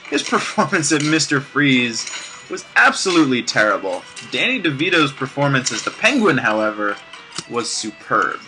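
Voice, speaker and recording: A man's voice: mid-range voice, sing-song, normal speed, sharp tone, low-quality recording. A man casually commenting on a video game he plays, rambling off-topic with restarts and sarcastic asides. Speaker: let's play gamer. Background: game music.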